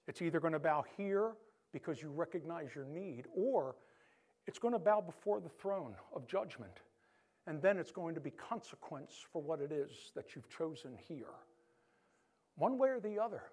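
A male pastor giving an animated sermon, moving between loud emphasis and soft, hushed moments. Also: a little high.

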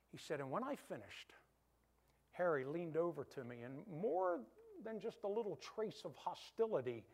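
A man preaching a sermon, retelling a story in lively quoted dialogue. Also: a little high, moderate pace, vocal fry.

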